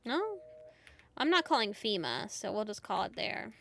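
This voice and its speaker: Bright-voiced woman streamer chatting. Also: mid-range voice, very animated, vocal fry, a little hiss or hum. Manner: chatty, rambling, quick asides. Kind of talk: casual game-stream chat.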